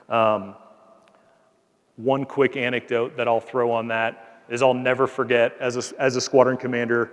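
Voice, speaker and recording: Earnest military officer speaking in a hall. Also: male voice, medium pitch. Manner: earnest, conversational, frequent "like" fillers. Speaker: Air Force colonel addressing cadets. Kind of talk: motivational speech with anecdote. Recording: long hall reverb.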